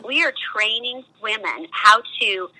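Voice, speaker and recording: Bright-voiced earnest middle-aged woman. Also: fairly high pitch, lively intonation, measured pace, poor audio. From United States. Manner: earnest, emphatic, repeats words. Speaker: nonprofit founder, interview guest. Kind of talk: conversational testimony.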